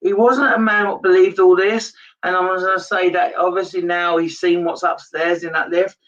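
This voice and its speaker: Higher-voiced man giving a halting live reading. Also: little pitch movement, fairly bright tone, recorded from a distance, lo-fi sound. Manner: halting, repeats his phrases, turns emotional. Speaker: psychic medium. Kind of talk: live-streamed reading to viewers.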